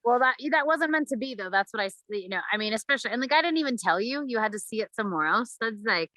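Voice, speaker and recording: A woman chatting as a guest on a talk show, easygoing and quick to laugh. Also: fairly high pitch, expressive, bright, forceful tone, no room sound, rough recording. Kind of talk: casual chat.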